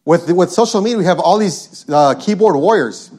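A man's voice: sits high, lively intonation, normal speed, a little mellow. A male preacher delivering an emphatic sermon, reading scripture and driving points home by repeating them. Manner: emphatic, repetitive, quotes scripture.

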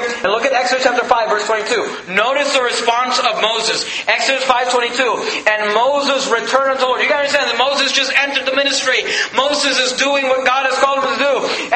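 A man's voice: very high voice, bright, forceful tone. A male pastor preaching a sermon, reading scripture aloud and driving his points home with rising emphasis. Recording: echoey hall.

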